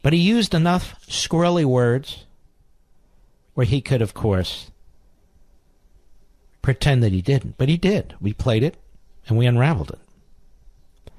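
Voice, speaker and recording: A man's voice: medium pitch, animated, slow, pauses often, darkish tone, no echo, clean studio sound. A man hosting a talk radio show, delivering an indignant political monologue with heavy repetition.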